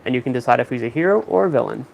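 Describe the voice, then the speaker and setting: A young man vlogs from home, chatting casually to camera in a mid-range voice that is animated and racing, with vocal fry, on a muffled recording. He owns a parrot, keeps things laid-back, and sometimes spells words out letter by letter.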